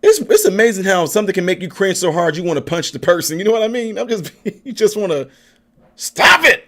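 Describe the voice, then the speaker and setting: Man, political livestream host, chatty, fairly high voice, reads viewer comments. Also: very animated, quick pace. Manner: chatty, laughs often, coos at his dog in a soft baby-talk voice. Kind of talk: casual livestream chat, reading viewer comments.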